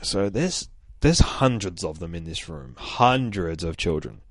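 A man's voice: low-pitched, animated, a little slow, creaky, no room sound. An Australian man casually recapping a comic book, rambling and swearing, with frequent laughs. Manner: rambling, profane, laughs often.

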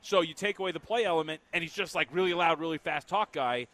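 Fast-talking bright-voiced man. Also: a little high. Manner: rapid, animated storytelling with quoted impressions. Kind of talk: casual sports talk.

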